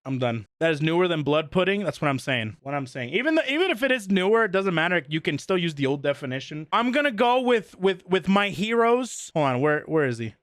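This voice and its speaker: A man's voice: on the high side, very animated, fairly quick, few pauses, a bit bright, dry recording, clean studio sound. A man streaming live, ranting in an exasperated, incredulous way in casual chat.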